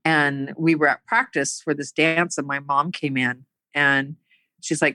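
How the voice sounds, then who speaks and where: Halting, earnest middle-aged woman. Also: sits low, little pitch movement, sharp tone, no room sound, poor audio. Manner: halting, with many pauses and fillers; earnest and emotional. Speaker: woman sharing her life story. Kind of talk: personal storytelling.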